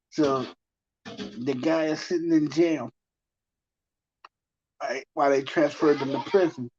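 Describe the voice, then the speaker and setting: A man's voice: a little high, fairly even intonation, slow pace, pauses often, darkish tone. A man casually telling a long story, rambling and repeating himself, with many fillers. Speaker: TV talk guest telling a story. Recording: muffled lo-fi sound.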